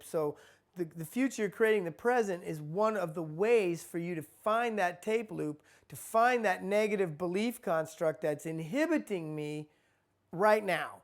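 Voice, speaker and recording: A man's voice: high voice, a little slow. Man giving a conversational spiritual talk. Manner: conversational, repeats himself, acts out quoted people. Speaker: spiritual teacher.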